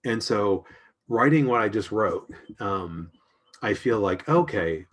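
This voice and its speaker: Low-voiced man rambling through an art demo. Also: a bit bright. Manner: rambling and reflective, many ums and restarts. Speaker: art journaling instructor. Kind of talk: casual livestream demonstration.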